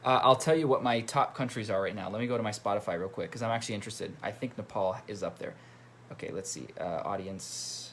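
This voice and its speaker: A man's voice: on the low side, quick pace, a bit bright, slight background noise. A man hosting a casual livestream as a musician, chatting and reading out viewer comments. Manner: chatty, reads viewer comments aloud and greets them. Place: at home by his computer.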